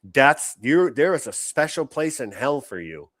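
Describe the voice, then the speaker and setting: A man's voice: mid-range voice, very animated, unhurried, a bit bright, dry recording. A man hosting a show, giving blunt, opinionated reaction commentary on clips, swearing often and restarting his sentences.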